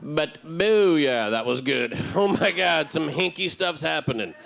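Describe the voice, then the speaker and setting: A man's voice: on the high side, measured pace, creaky. A man answering fan questions on a convention panel, joking and telling stories playfully. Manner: playful, joking, animated storytelling. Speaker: panelist actor.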